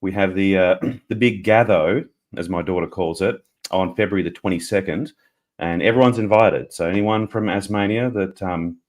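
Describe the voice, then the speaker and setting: A man's voice: deep voice, moderate pace. A middle-aged Australian man calling in to a live fan show, chatty and joking with a laugh. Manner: chatty, laughs often, jokey. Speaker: caller. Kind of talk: casual call-in chat.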